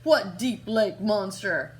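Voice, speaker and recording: A woman's voice: medium pitch, takes it slowly, close to an everyday voice. A woman voicing a boastful bully schoolboy in a storybook, sneering in tone, easily frightened.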